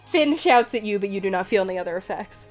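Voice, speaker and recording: A woman's voice: mid-range voice, expressive, quick pace, soft background music. A woman narrating a tabletop game as game master, casual and full of "like" fillers.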